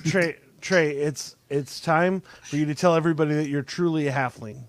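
A man's voice: fairly high pitch, moderate pace. A man in his thirties hosting a podcast in casual chat, joking and teasing his guests. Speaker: podcast host.

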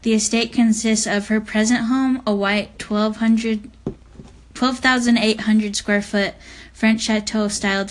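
A woman co-hosting a casual chat podcast, talking in a chatty way with joking asides. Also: medium pitch. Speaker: podcast co-host.

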